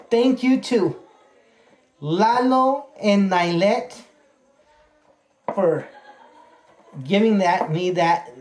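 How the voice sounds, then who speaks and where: Slow, excitable man in an echoey room. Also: sits high. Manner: excitable, repeats words, folksy exclamations. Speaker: vlogger unboxing birthday presents. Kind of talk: casual chat to camera. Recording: echoey room with faint noise.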